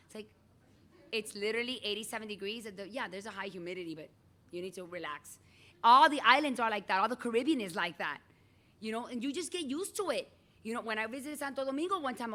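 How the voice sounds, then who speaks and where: A middle-aged woman teaching a class, her voice sitting a little above the usual pitch. She talks in a chatty, animated way and calls on students by name as she goes. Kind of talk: classroom lecture.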